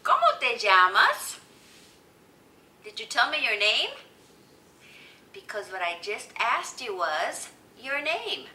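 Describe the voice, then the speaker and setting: A woman teaching children, speaking slowly with exaggerated sing-song prompts for them to repeat. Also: fairly high pitch, big pitch swings, bright, forceful tone, recorded from a distance. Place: indoor room, teaching with picture cards. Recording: echoey room, voice from afar.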